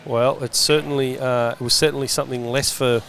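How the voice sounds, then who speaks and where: A man commentating live on a pool match, relaxed and bantering with his co-commentator. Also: medium pitch, a little fast, slight background noise. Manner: relaxed, banters and laughs easily.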